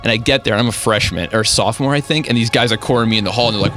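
A man's voice: on the low side, very fast, over music. A young man hosting a radio show, chatting casually in a laid-back, rambling, self-deprecating way. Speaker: radio host. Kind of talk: casual chat.

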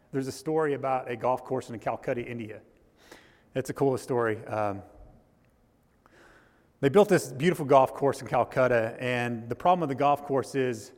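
A man preaching a sermon as pastor, telling a story in a loose, halting way with frequent restarts. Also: a little high, big-room sound. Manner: storytelling with restarts and rising intensity. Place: church.

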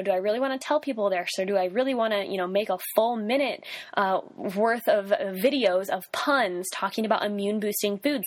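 A woman's voice: medium pitch, no echo. Casting: woman in her twenties, podcast host, chatty and loose, fillers galore, dry close sound. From Northern Virginia / Washington DC area. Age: 20s. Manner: chatty, peppered with "like" and "um". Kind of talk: casual solo podcast monologue.

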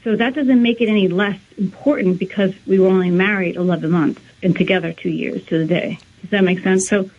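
A woman's voice: mid-range voice, steady tone, brisk, hardly any pauses. A woman in her thirties talks as an interview guest, with long earnest runs of story and quoted dialogue acted out as she goes. Her voice comes through a thin, phone-like line. The sound is boxy and narrow. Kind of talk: emotional personal storytelling.

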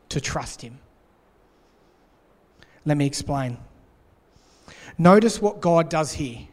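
A man's voice: fairly high pitch, lively intonation, slow pace, pauses often, a little mellow. A man preaching a sermon in an earnest way, repeating his key points. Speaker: pastor. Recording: long hall reverb.

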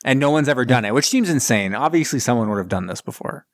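A man's voice: mid-range voice, quick pace, dry recording, studio quality. A man co-hosting a podcast, casually recapping a movie, laughing often and acting out quotes. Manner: laughing, animated retelling with acted-out quotes. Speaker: podcast co-host.

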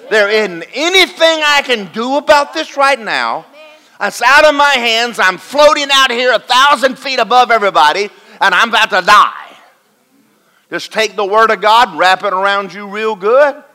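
A man preaching a folksy sermon to a congregation, swinging between loud and quiet. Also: high-pitched, lively intonation, normal speed. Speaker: pastor. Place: church in front of a congregation.

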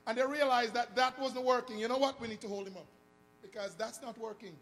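A man preaching a sermon, swinging between sung, shouted emphasis and hushed asides. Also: very high voice, fairly even intonation, fairly quick. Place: church hall. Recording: long church reverb with faint music.

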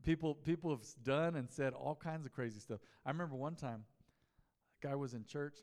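A man's voice: mid-range voice, a little fast, darkish tone, big-room sound. A man preaching a mid-week sermon as pastor, in a conversational style, telling stories and asking the congregation questions. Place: church sanctuary.

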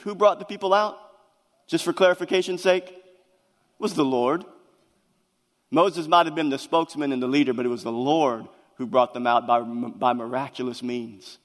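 A man's voice: fairly high pitch, brisk. A man preaching a sermon to his congregation, earnest and emphatic, often stumbling and restarting his words. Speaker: pastor. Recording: long reverb of a large hall.

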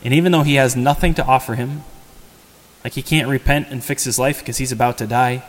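A man's voice: medium pitch, fairly even intonation, fairly quick. A man giving a homily as a priest, in a conversational sermon style that poses rhetorical questions to the congregation. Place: church. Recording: long church reverb.

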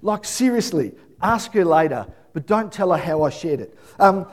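A man, middle-aged, preaching a sermon and telling family stories with lively acted-out voices. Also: normal speed. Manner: animated storytelling, acts out voices, high excited calling. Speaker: pastor.

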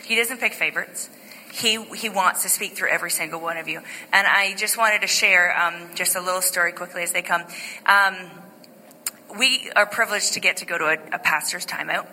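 A middle-aged woman pastor giving an informal sermon testimony, chatty and animated, with many fillers and restarts. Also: lowish voice, fairly quick, in a large hall, slight background noise, low-quality recording. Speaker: lead pastor. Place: church sanctuary.

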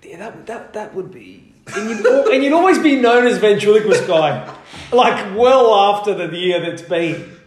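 A man's voice: high voice, animated, normal speed. A man co-hosting a podcast, joking and laughing, often stumbling and restarting mid-sentence. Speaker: podcast co-host. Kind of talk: casual banter. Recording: echoey room.

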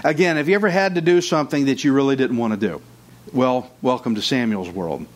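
A man's voice: mid-range voice, fairly quick. A man preaching a sermon as pastor, conversational, with jokes and asides to the congregation. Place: church.

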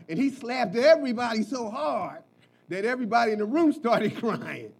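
A man preaches a sermon in a high, lifted voice. He sinks into quiet, talky asides and then climbs into shouted, ringing lines. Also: big pitch swings, normal speed, vocal fry, slightly rough, rough recording. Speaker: pastor.

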